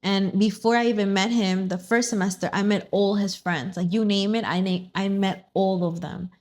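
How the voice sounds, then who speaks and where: A young woman in her twenties chatting casually, telling a story with lively acted-out quotes and bits of Spanish. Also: medium pitch, normal speed. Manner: animated storyteller, acts out quotes, mixes in Spanish phrases. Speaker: vlog host.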